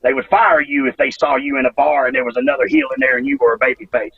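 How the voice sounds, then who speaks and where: A man's voice: on the high side, sing-song, fast talker, vocal fry, husky, no echo, distant mic, phone-quality sound. A middle-aged man, telling rambling, profane wrestling stories as an interview guest. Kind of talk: casual storytelling interview.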